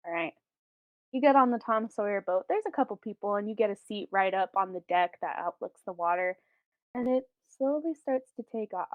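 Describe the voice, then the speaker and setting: A woman's voice: medium pitch, lively intonation, a little fast, no echo. A woman running a tabletop role-playing game on a live stream, narrating scenes casually, laughing often and swearing now and then. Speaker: game master. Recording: dry, phone-like audio.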